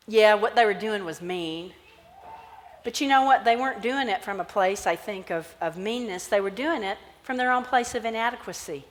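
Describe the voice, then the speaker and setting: A woman pastor giving a sermon, animated as she tells a Bible story and acts out its characters. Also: fairly high pitch. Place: church sanctuary. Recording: church hall reverb.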